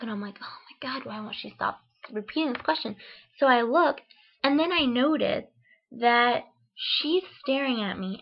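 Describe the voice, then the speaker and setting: A woman's voice: a little high, fairly bright tone. A young woman from Ohio telling a funny story in a casual vlog, chatty and full of "like" and "um", acting out her own reactions. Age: young adult. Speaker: vlogger. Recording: dull lo-fi sound.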